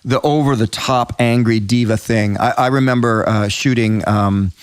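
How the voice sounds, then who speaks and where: Middle-aged Canadian male host, mid-pitched, dry close recording, casual interviewer. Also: fairly even intonation, clean tone, dry recording. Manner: conversational, quick asides. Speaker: podcast host.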